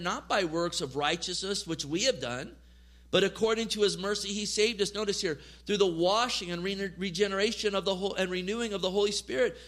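High-pitched guy preaching, earnest, reads bible verses, repeats stuff for emphasis. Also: pushed and bright. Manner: earnest preaching, reading scripture aloud, emphatic repetition. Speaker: pastor. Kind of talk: sermon.

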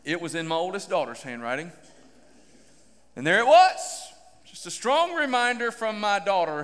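A middle-aged man preaching a sermon to a congregation, animated and asking them direct questions. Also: a little high, moderate pace. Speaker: pastor. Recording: long hall reverb.

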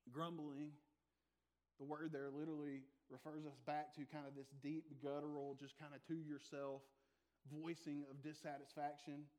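A man's voice: fairly high pitch, level tone, normal speed, darkish tone. A man preaching a sermon, conversational, with humorous asides to the congregation. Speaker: pastor.

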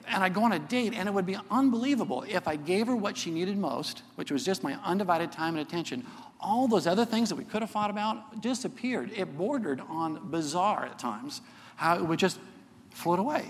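A man's voice: sits high, slight background noise. A middle-aged man teaching a sermon to a church, earnest and conversational, often checking in with "okay?". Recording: long hall reverb.

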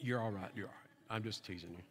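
A man's voice: fairly low pitch, fast, a crowd in the background. A man preaching a sermon and leading an altar call, teasing at times and then fervent and pleading. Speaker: pastor. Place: large church with live music. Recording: long hall reverb, music behind.

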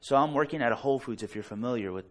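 A preacher telling an animated, self-deprecating story during a church service. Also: male voice, mid-range voice, racing. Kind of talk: storytelling sermon.

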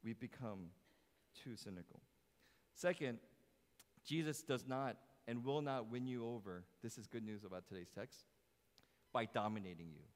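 A pastor preaching a sermon, animated, jumping from loud emphasis to quiet low phrases and putting questions to the congregation. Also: male voice, moderate pace, long pauses. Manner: animated, swings between loud emphasis and soft low lines; asks the congregation questions, jokes. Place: church sanctuary. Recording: long hall reverb.

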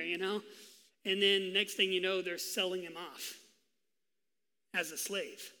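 A male pastor delivers a sermon, telling the story with lively, acted-out quotes. His voice sits high and bright. A long reverb trails behind him, as in a big hall. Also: moderate pace, pauses often, clear, resonant tone.

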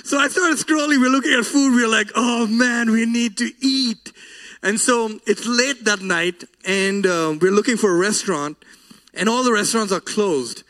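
A man with a strikingly high voice delivers a sermon. He is earnest and emotional, and his voice often breaks with feeling as he weaves a personal story into the message. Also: moderate pace, fairly bright tone. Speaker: preacher.

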